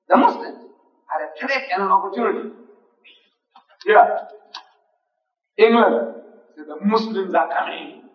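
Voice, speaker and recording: A man's voice: high-pitched, lively intonation, measured pace, long pauses. A man giving an emphatic, repetitive religious lecture to an audience in a large hall. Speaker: Islamic lecturer. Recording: dull, echoey hall recording from far off.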